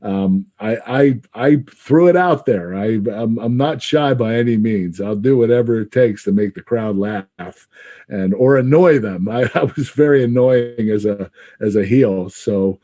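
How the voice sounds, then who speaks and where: A middle-aged man in a casual podcast interview, talking haltingly with many fillers and frequent laughs. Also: lowish voice, mellow. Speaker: guest recalling his wrestling career.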